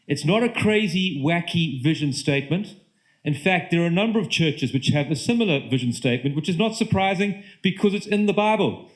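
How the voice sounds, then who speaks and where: A British man gives a church sermon in a slightly raised voice. He speaks earnestly, and his sentences often break off and start again. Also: high voice. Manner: earnest, halting with repeated restarts. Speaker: pastor.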